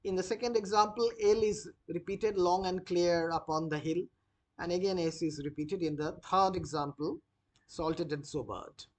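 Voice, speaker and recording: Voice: mid-range voice, normal speed. A teacher dictating notes for a literature lesson, repeating each phrase and spelling out words letter by letter. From India. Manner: frequent "uh" fillers when explaining.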